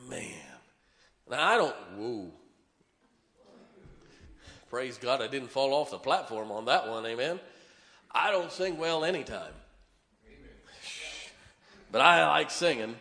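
Lively bright-voiced preacher in echoing hall. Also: male voice, mid-range voice, slow, long pauses. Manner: animated storytelling, keeps asking the congregation "can I tell you something". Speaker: Baptist pastor. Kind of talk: sermon with personal stories. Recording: long reverb of a large hall.

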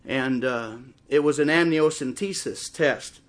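A middle-aged man preaching a sermon in church, impassioned and swelling toward shouts. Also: medium pitch, unhurried. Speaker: pastor. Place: church service before a congregation.

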